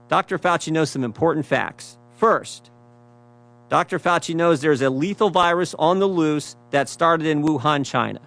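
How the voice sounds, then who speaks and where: A man's voice: on the high side, normal speed, a bit bright. Emphatic man reading emails aloud. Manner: emphatic, repeats phrases, asks rhetorical questions. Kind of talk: prepared speech, reading quotes aloud.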